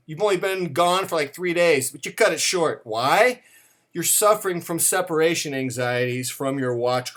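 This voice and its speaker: A middle-aged man with a slightly high-pitched voice runs through a comic countdown to camera. His delivery is playful and mock-serious. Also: a bit bright. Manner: playful, mock-serious, acts out quoted dialogue. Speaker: watch vlogger.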